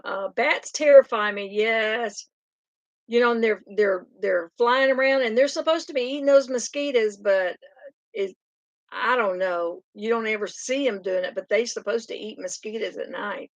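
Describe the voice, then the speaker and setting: A woman's voice: on the high side, no room sound, highs cut off. An older woman, hosting a casual live stream chat, reading out comments and rambling through stories. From Oklahoma. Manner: chatty, rambling, laughs often.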